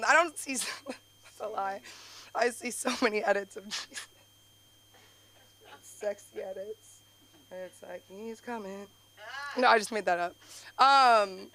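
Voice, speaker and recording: A young woman doing open-mic stand-up, rambling with lots of fillers and sudden high jumps in her voice. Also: a bit bright. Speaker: stand-up comedian. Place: comedy club stage.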